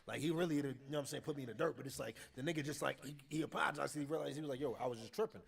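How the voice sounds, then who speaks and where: A male streamer telling a story in casual chat, loud and laughing, often breaking into shouts. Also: a little high, racing, creaky, husky.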